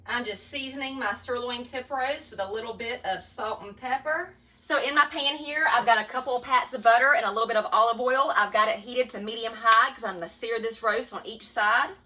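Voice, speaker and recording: A woman's voice: fairly high pitch, fairly quick, hardly any pauses, pushed and bright, poor audio. A woman with a Southern US accent, chatting casually to viewers while she cooks in her home kitchen. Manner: chatty, folksy, talks to viewers as y'all. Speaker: home cook. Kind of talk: casual cooking vlog narration.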